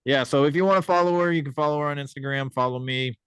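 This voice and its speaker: Male podcast host, relaxed and filler-heavy, smooth voice, dry booth sound. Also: a little high, fast talker, no room sound. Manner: laid-back, filler-heavy. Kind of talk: casual chat.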